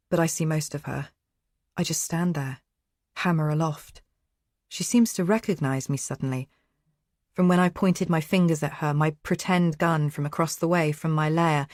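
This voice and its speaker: Low-voiced woman narrating tensely. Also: no echo, studio quality. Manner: tense, anxious first-person telling. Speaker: audiobook narrator. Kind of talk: first-person audiobook narration.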